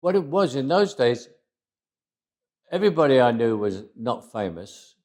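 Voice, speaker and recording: A man's voice: mid-range voice, big pitch swings, a little slow, darkish tone. A man in his eighties recounting stories in an interview, reflective and often restarting his words. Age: 80s. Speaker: interview guest. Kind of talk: anecdotal interview storytelling.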